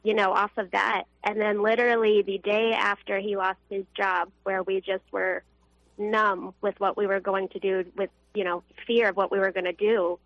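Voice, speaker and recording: A woman's voice: medium pitch, little pitch movement, moderate pace, fairly bright tone, no echo. A young woman calling in to a radio show, telling a personal faith story earnestly, with fillers and restarts. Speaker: caller. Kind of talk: emotional personal testimony. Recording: dull phone line, dry.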